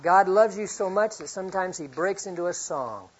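A middle-aged man preaching a sermon, earnest, reading scripture often and swinging from loud to hushed. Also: high voice, normal speed, breathy edge. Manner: reads scripture aloud often. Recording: dull lo-fi recording.

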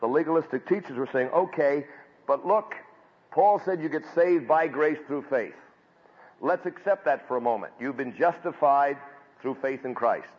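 Man preaching in an echoing hall. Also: husky. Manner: preaching with rising emphatic swells, then dropping low. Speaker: pastor. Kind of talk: sermon. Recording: dull audio with long hall reverb.

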